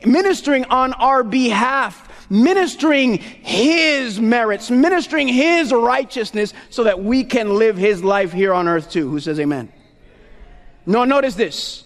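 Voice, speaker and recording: Loud, very high-voiced preacher man. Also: animated, a little slow. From Puerto Rico. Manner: loud, emphatic call-and-response preaching. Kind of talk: sermon. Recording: long hall reverb.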